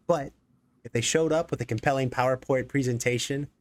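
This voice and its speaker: A man hosting a casual live stream, his voice sitting at a middle pitch. He rambles and jokes, piling up fillers and side stories as he talks to the chat. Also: a little fast, a little hiss or hum. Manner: rambling, jokey, many fillers. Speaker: executive producer and stream host.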